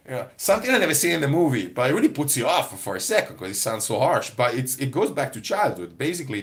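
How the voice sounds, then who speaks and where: Rambling, low-voiced man telling stories. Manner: rambling and digressive, often laughing. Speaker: comedy performer. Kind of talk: casual vlog monologue.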